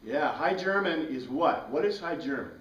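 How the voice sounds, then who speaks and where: A man leads a Bible class in an easy, conversational way, tossing questions to his students as he goes. His voice sits a bit high. He is picked up from across an echoey room. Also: expressive, moderate pace, a bit bright, distant mic, muffled recording. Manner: conversational, asks the class questions, frequent "right?". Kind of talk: informal classroom lecture.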